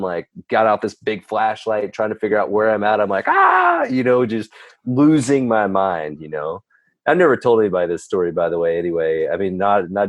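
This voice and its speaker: Low-voiced male guest, candid and rambling, profane storyteller, dry close sound. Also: no echo. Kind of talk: casual storytelling.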